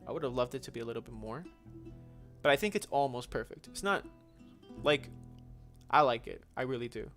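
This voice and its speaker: A man's voice: mid-range voice, a little fast, pauses often, fairly bright tone, soft background music. A young man hosting a gaming livestream, casually answering viewer questions in a chatty, slangy way with frequent restarts.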